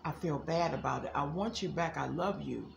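Woman speaking as a regretful lover, soft, low, heartfelt, echoey room. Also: normal speed, creaky, noisy background. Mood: remorseful. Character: remorseful lover begging forgiveness.

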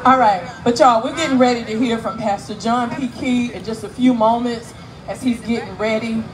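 A woman emceeing a live outdoor community event on a handheld mic, teasing and working the crowd loudly. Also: fairly high pitch, fairly even intonation, normal speed, rough recording. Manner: playful, teasing, loud crowd-work. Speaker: event emcee and radio host. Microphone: handheld microphone.

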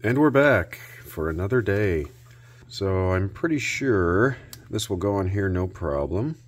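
A man hosting a repair video, narrating his work out loud with dry little jokes to himself. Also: low voice, expressive, a little slow. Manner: self-talk with dry jokes. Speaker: host.

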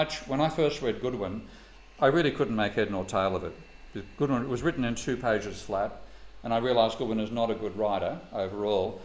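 A man giving an economics lecture, telling anecdotes bluntly and swearing casually. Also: fairly low pitch. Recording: echoey room, faint ambient noise.

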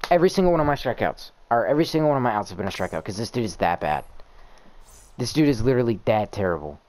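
A man's voice: mid-range voice, sing-song, racing, a little mellow. A young man narrating his own video game in a stream of exasperated, profane complaints. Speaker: gamer posting gameplay. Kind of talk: live gameplay commentary.

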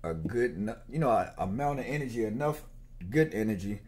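A man's voice: on the low side, lively intonation, fairly quick, a little mellow, a little hiss or hum. A man talking in a loose, slangy, meandering way while he chats casually to camera. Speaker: gun owner vlogger. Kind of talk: casual rambling chat.

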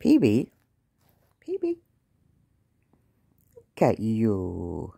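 A woman's voice: a bass voice, wildly swooping pitch, extremely slow, gravelly, dark tone, husky, dry recording, studio quality. A woman at home talking baby talk to her cat and singing meows at it. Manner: sing-song meowing and baby talk to a cat. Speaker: pet owner vlogger. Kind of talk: casual talk to a pet.

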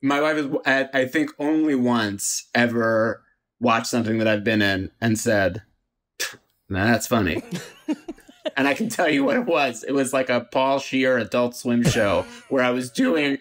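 A man's voice: mid-range voice, measured pace, a bit bright. A man who is an actor and a guest on a podcast, telling a story with chuckles and a self-deprecating humor. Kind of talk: casual anecdote telling.

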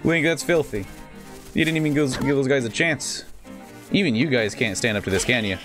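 Let's play host, male, mid-range pitch with animated swings, jokey and rambling, with excited outbursts. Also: fairly quick, faint music behind. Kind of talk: casual gameplay commentary.

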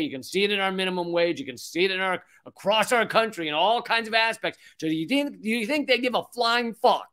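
Sarcastic high-voiced man ranting. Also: a bit bright. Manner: sarcastic, profane and emphatic. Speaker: comedian hosting a political commentary show. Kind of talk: ranting political commentary reading an article aloud.

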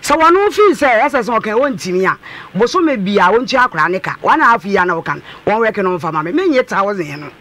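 A Ghanaian woman phones in to a radio show. She talks fast and insistently, with a lively, swooping voice and a bright edge, and keeps repeating her points. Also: medium pitch. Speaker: caller, mother demanding compensation. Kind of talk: radio call-in talk.

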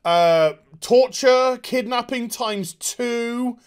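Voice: mid-range voice, extremely slow, clear, resonant tone. A TV review host recapping an episode with sarcasm and open contempt, often stumbling over fillers and restarts and mocking the characters in put-on voices. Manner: frequent filler hesitations and restarts.

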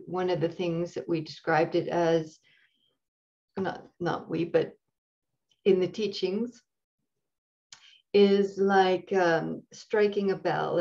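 A woman meditation teacher giving an unhurried dharma talk, often pausing and searching for words with fillers. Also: medium pitch, warm tone. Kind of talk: dharma talk introducing a practice. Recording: dull lo-fi recording.

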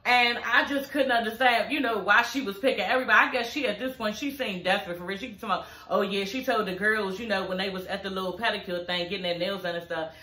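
Woman vlogger, home review channel, bright tone, casual and profane, slight room echo. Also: mid-range voice, quick pace, hardly any pauses. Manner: profane, talks straight to viewers. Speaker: YouTube show reviewer. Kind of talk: casual chatty review vlog. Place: home, filming in front of her TV. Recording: roomy echo.

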